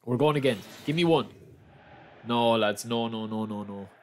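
An Irish game streamer opens player packs live, repeating his exclamations and calling his viewers lads. His voice is medium in pitch, and he talks at a moderate pace.

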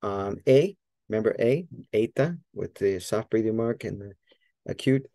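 A low, gravelly male voice, dark and mellow in tone, recorded dry and close. He teaches Greek in a loose, casual way, circling back with fillers and checking himself as he goes, then slowing down to repeat each word carefully. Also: lively intonation, no room sound. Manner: thinks aloud, checks himself, many fillers; repeats Greek words slowly to model them. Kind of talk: casual spoken lesson.

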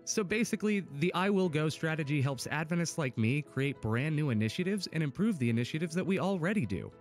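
Friendly, curious male co-presenter, a little high, animated, faint music. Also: brisk. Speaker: promo co-presenter. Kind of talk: scripted explainer dialogue.

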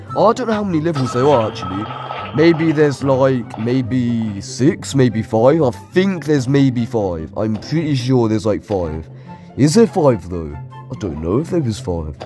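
A man's voice: mid-range voice, lively intonation, normal speed, darkish tone, soft background music. A man giving let's play commentary on a horror game, jumpy, shrieking at scares and taunting the enemies. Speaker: gaming YouTuber.

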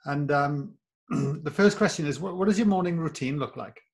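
Affirming Australian man hosting an interview. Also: fairly high pitch. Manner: warm affirming, halting questions. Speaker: podcast host. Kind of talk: casual interview chat.

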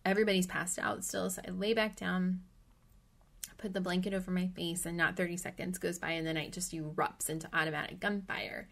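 A middle-aged woman from the American Midwest speaks in a voice sitting a bit low for a woman. She retells her story as a podcast guest, animated and vivid, and now and then sinks into a hushed whisper. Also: fairly quick, vocal fry. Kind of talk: personal storytelling in an interview.

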